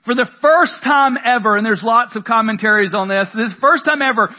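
Young male preacher, high-pitched and conversational, muffled lo-fi capture. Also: fairly quick. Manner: conversational preaching with dramatic emphasis. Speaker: pastor. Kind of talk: sermon. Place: room with a congregation. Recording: dull lo-fi sound.

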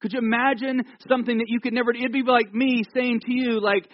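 Pastor, high male voice, chatty sermon with humor, dry slightly muffled recording. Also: brisk, hardly any pauses. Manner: animated, jokey storytelling with asides. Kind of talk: conversational sermon. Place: church.

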